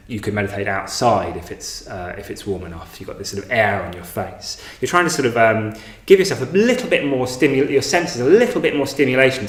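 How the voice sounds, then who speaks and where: Male meditation teacher, low voice, hesitant and loose, roomy home recording. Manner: hesitant, many fillers and restarts. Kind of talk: informal meditation talk. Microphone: online class, home recording.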